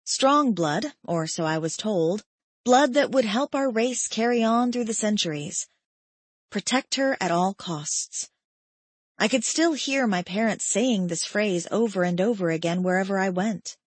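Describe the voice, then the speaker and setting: A woman narrating a first-person romance audiobook in a soft, reflective, subdued manner. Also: medium pitch, normal speed, no echo.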